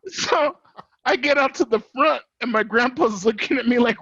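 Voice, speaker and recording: A man's voice: high-pitched, expressive, unhurried, sharp tone, no room sound. A man hosting a podcast, telling a childhood story in casual chat, cursing and laughing, slipping in Spanish phrases. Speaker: podcast host. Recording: dry, dull lo-fi audio.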